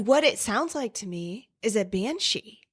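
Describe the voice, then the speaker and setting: A woman co-hosting a ghost story podcast, chatting casually with playful asides and quick reactions. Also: medium pitch, animated, slightly rough. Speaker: podcast co-host. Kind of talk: casual chat.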